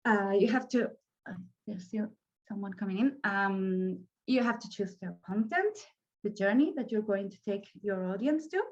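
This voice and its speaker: Spanish woman trainer, mid pitch, hesitant delivery, muffled audio. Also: lively intonation. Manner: halting, many fillers and restarts. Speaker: workshop trainer. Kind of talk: online training workshop.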